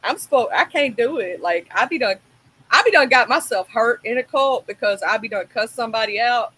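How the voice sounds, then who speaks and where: A woman's voice: a little high, lively intonation, a little fast, pushed and bright, husky, rough recording. A woman with a Southern US accent, chatting in an outspoken, playful way and laughing often. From American South. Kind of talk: casual chat.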